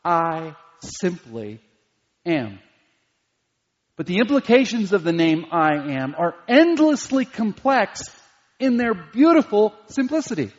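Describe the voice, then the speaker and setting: A man's voice: high voice, lively intonation, moderate pace. A man preaching a sermon as pastor, emphatic and dwelling on single words. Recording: dull lo-fi recording in a reverberant hall.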